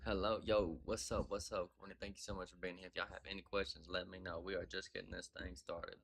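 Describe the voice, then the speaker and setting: Chill guy on a livestream, lowish voice, slangy, laughing a lot w/ chat. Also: flat delivery, quick pace, vocal fry, a bit bright. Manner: laid-back slangy banter, greets viewers, laughs often. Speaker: livestream host.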